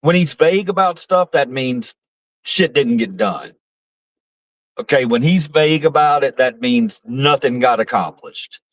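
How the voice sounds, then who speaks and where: A man's voice: medium pitch, lively intonation, measured pace, fairly bright tone, no echo. A man giving casual, rambling political commentary on his stream, profane and mocking, with frequent restarts.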